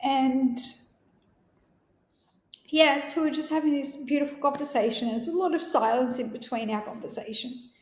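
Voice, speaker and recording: A woman's voice: high-pitched, normal speed, long pauses. Earnest woman telling a personal story. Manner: earnest, reflective, frequent "like". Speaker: podcast host. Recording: roomy echo.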